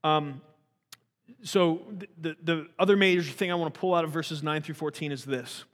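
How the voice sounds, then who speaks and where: An earnest man leads a relaxed Bible teaching in a voice pitched a touch high. He talks in loose, restarting sentences and fires off rhetorical questions. A long reverb trails behind each phrase. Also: moderate pace.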